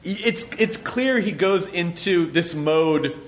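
A man hosting a casual interview, talking loosely, swearing freely, and shouting when he mimics someone. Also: sits high, lively intonation, slow, a little hiss or hum.

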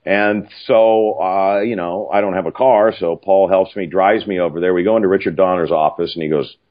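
An older man telling stories casually, animated and profane, acting out other people's lines. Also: deep voice, normal speed. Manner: animated, profane, acts out quoted voices. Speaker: film writer-director guest. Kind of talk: casual anecdotal storytelling. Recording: muffled lo-fi audio.

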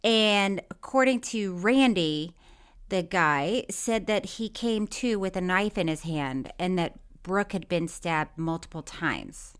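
Lively, laughing woman co-host. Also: on the low side, takes it slowly, clean tone. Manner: animated, laughs often while telling stories. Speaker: podcast co-host. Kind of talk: casual chat.

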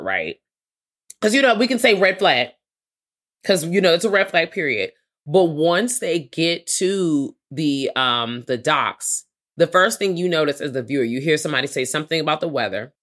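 A woman's voice: deep voice, animated, moderate pace, fairly bright tone. A woman co-hosting a movie podcast, talking bluntly and profanely in casual chat. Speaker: podcast co-host.

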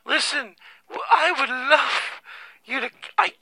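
A man's voice: very high-pitched, slow, gravelly, sharp tone, pitched above the performer's own voice, exaggerated voice, low-quality recording. A man voicing a sweet but bigoted older woman teacher who gushes over a former student, in an improvised comedy bit. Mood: gushing. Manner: gushing, syrupy.

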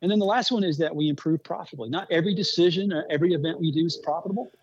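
A man interviewed as a speedway executive, telling animated anecdotes with many restarts. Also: fairly high pitch, racing, husky, no room sound, lo-fi sound. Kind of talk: interview storytelling.

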